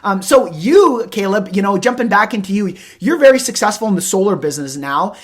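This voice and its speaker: A man hosting an interview show, talking in a rambling, animated way and acting out little conversations as he goes. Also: high voice, fairly quick. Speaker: host. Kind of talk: casual interview chat.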